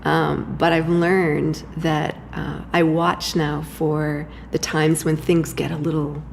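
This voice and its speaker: Low-voiced woman, hesitant interview guest. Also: level tone, slow, creaky, a little hiss or hum. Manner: hesitant, many fillers and restarts, laughs often. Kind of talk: reflective conversational interview.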